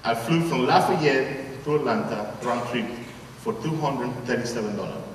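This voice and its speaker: Puerto Rican priest preaching in an echoey arena. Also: male voice, mid-range voice, normal speed, a little hiss or hum. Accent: Puerto Rican Spanish. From Puerto Rico. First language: Spanish. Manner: animated, playful storytelling with acted-out dialogue. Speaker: priest giving a homily. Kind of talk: storytelling sermon to a youth conference. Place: large arena. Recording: echoey arena heard from far off.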